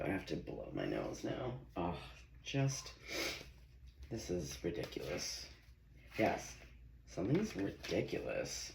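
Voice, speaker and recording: Man, casual tarot vlogger, slow and rambling, echoey kitchen on a phone mic. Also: low voice, huge pitch swings, vocal fry. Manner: chatty, swears and laughs, talks to himself. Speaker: tarot reader. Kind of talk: casual tarot reading vlog. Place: home kitchen. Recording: echoey room with loud background noise.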